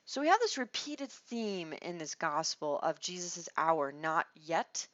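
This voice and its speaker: A woman leads a conversational Bible study, speaking expressively and restarting her phrases as she works through each thought. Her voice sits somewhat low. The recording is dull, lo-fi and dry, with no room sound. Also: unhurried, dry recording. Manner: expressive, acts out quoted lines, restarts phrases. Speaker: Bible teacher.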